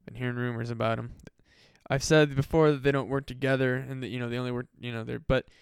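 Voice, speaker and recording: Guy rambling deadpan comedy rant, real clear smooth voice, super dry close mic. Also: medium pitch, quick pace, dry recording. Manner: rambling, profane, mock-serious warnings. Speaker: podcast host. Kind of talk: deadpan absurd comedy monologue.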